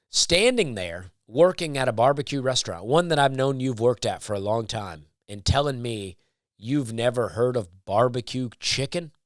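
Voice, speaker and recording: A man with an easygoing, deadpan manner tells a meandering story on his podcast, repeating himself for comic effect. His voice sits in a middle range and is recorded dry and close, with no room sound. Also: mid-range voice, no echo. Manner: laid-back, rambling, deadpan repetition. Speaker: comedian podcast host. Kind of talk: casual solo storytelling.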